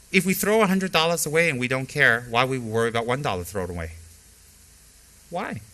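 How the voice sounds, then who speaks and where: A middle-aged man teaches dharma in a bright, forceful voice of ordinary pitch. He leans on repetition to drive points home and slips easily into frank stories about his own practice. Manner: emphatic, repeats key phrases for stress; candid personal storytelling. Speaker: Buddhist teacher.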